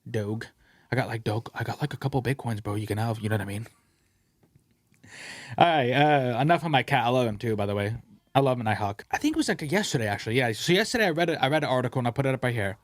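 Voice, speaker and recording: A man hosting a podcast in a studio, rambling through stories in a casual, profane, animated way. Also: medium pitch, quick pace, no room sound. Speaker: podcast host.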